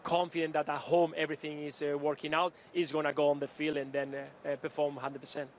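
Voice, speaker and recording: A man speaking as a football pundit, halting with many restarts and fillers. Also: a little high, level tone, a little hiss or hum. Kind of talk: live pre-match punditry.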